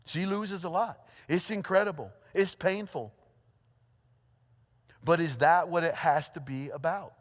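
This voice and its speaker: A pastor preaching a sermon, telling a story with lively energy, then dropping to a hushed, earnest tone. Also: male voice, a little high, unhurried, pauses often. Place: church auditorium. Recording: long hall reverb.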